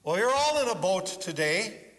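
A man preaching as a pastor in a church, telling a story in an animated way and putting questions to his listeners. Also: high voice, moderate pace. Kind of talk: children's sermon storytelling. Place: church sanctuary. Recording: long church reverb.

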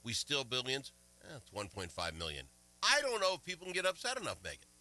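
A man hosting a casual political talk radio show, animated and indignant, swinging between loud outbursts and quiet asides. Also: medium pitch, fast talker, poor audio. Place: Minnesota.

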